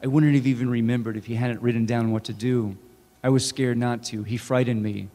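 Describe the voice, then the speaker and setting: A man's voice: medium pitch, fairly even intonation, brisk, mellow, close to an everyday voice. A man reading as a frightened drunk man, begging. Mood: nervous. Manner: begging, blubbering. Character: frightened drunk middle-aged man, meek and pleading. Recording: reverberant hall.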